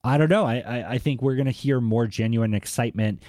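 A man's voice: mid-range voice, brisk, warm tone, no room sound, clean studio sound. Chatty man with a Boston accent. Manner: chatty, with frequent "like" and "right?" tags. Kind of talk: conversational interview.

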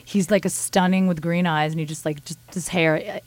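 A woman's voice: fairly low pitch, brisk, no echo. Casting: chatty woman host, rambling and laughing, dry close sound. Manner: animated, giggly, rambling with many restarts. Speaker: podcast host. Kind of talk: casual chat.

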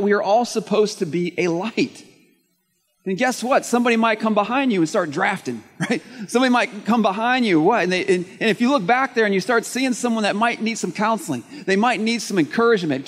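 A male pastor preaching a sermon to his congregation, lively and conversational. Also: sits high. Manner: animated preaching, dropping to a soft prayer voice. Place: church service, room of listeners. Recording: long hall reverb, faint music.

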